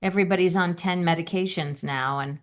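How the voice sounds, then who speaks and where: A woman co-hosting a podcast in relaxed, chatty conversation. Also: lowish voice, fairly quick. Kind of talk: casual chat.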